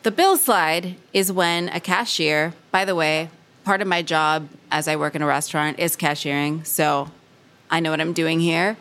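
Podcast guest, female, low register, loose and profane. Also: moderate pace, a bit bright. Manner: loose and profane, full of "like" fillers. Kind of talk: casual chat.

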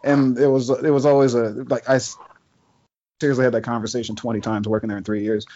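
A man's voice: mid-range voice, little pitch movement, fast talker, dark tone. A man as a podcast guest in casual chat, telling stories and laughing often. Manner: chatty storyteller, laughs often. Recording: slightly dull lo-fi podcast audio.

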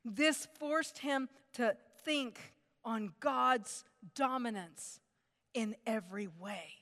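High-voiced middle-aged woman preaching. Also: takes it slowly, in a large hall. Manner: animated, dramatic storytelling. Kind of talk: sermon.

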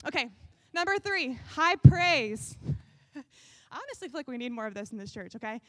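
High-voiced sarcastic woman worship leader. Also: moderate pace, no echo. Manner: animated and sarcastic, bursts into shouts and sung snippets. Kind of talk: comedic sketch on worship styles.

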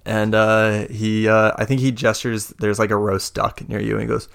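A man's voice: lowish voice, little pitch movement, moderate pace, vocal fry, a bit bright. A man narrating as game master in a tabletop game, describing scenes and actions step by step.

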